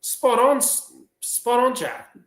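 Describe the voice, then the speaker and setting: A woman's voice: fairly high pitch, animated, takes it slowly, pitched above the performer's own voice. A man voicing a chirpy female schoolteacher quizzing her class, with a sing-song, encouraging way of talking. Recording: roomy echo.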